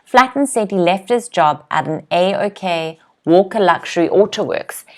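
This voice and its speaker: English teacher drilling pronunciation, lowish voice. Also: female voice, expressive. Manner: clear, slow word-by-word pronunciation drills with frequent "okay?" checks; reads viewers' comments aloud and laughs lightly. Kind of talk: live online vocabulary lesson.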